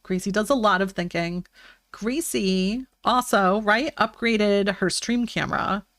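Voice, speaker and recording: A woman's voice: mid-range voice, unhurried, a bit bright, no room sound, studio quality. A young woman streaming live, chatting casually and rambling with lots of fillers and restarts.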